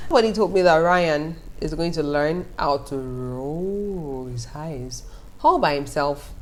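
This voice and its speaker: A young woman, telling stories to her viewers in a casual vlog with an animated, laughing manner. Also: sits low. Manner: animated, laughing often, talking straight to viewers. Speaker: vlogger. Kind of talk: casual storytelling to camera.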